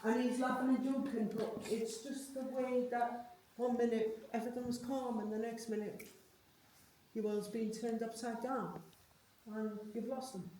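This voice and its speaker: During a live psychic reading, a woman working as a medium talks chattily to her sitter, frequently ending lines with tag questions. Her tone is warm, her pitch slightly high and fairly even, and her speed normal. It was recorded from a distance in an echoey space with a little noise.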